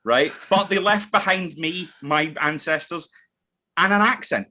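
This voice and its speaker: A man with a Glaswegian Scottish accent, chatting as a podcast guest on a video call, an animated storyteller who laughs as he talks and swears freely. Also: on the high side, unhurried. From Scotland. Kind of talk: casual chat.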